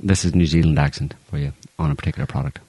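A man co-hosting a casual political chat, agreeable and quick with short yeahs. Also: extremely low pitch, steady tone, dark tone, breathy edge. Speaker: podcast co-host.

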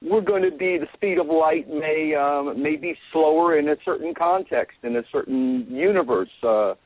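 A man talking casually to his listeners, rambling and halting with many fillers and restarts as he works through his opinions. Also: fairly high pitch. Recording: tinny phone-like line.

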